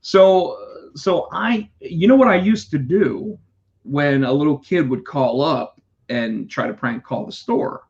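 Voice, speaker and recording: A man telling a work story in casual chat, animated and profane, putting on voices for the callers. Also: fairly high pitch, slow. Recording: dull lo-fi sound.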